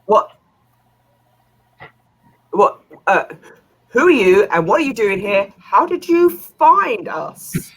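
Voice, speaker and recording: A woman voicing a panicked male criminal merchant who shouts in a rushed, frantic way. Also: mid-range voice, natural voice.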